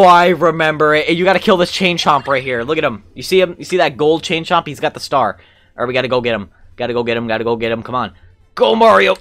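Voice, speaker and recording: Excitable young man narrating his gameplay. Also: mid-range voice. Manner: excitable, talks to the game characters, hums along, mild cursing. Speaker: gameplay commentator. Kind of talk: casual let's-play commentary. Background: game music.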